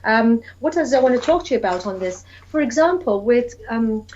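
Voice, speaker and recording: A woman's voice: on the high side, expressive, a little fast, darkish tone, muffled recording. A woman early years educator chatting eagerly about reading to young children, acting out story voices and sounds.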